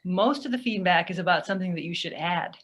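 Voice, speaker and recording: A woman's voice: lowish voice, a little fast, a bit bright, slight background noise. A woman on a panel, talking in a conversational, slightly hesitant way. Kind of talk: casual panel discussion.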